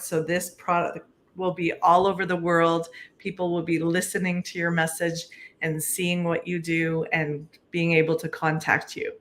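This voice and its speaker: A woman's voice: lowish voice, a bit bright, slight background noise. A woman on a video call, talking in an upbeat, promotional way about a project. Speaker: guest entrepreneur. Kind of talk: casual chat.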